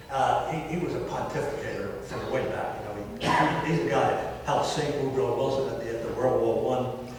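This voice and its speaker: A man's voice: medium pitch, recorded from a distance, background noise. Older American man lecturing in echoey hall. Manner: storytelling, wry asides. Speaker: historian giving a lecture. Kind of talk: public history talk. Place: historic hall, indoors.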